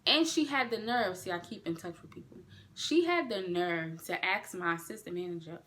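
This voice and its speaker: Woman doing a storytime vlog, bright punchy voice, animated and cussing a lot. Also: moderate pace. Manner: animated, profane, swings up in pitch when indignant. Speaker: vlogger. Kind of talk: storytime vlog, casual venting.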